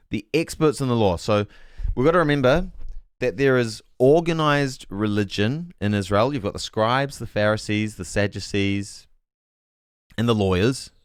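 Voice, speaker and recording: Reading viewers' chat messages aloud and puzzling over them, a man with a smooth, low voice hosts a casual Bible stream. He thinks out loud and corrects himself along the way; the studio recording is clean and echo-free.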